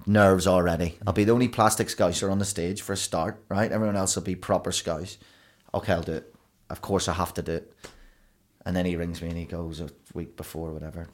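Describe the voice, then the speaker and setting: A man, a broadcaster and DJ guest telling rambling, animated stories in a casual podcast chat. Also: low-pitched, brisk. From Belfast, Northern Ireland. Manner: rambling, animated storytelling with restarts.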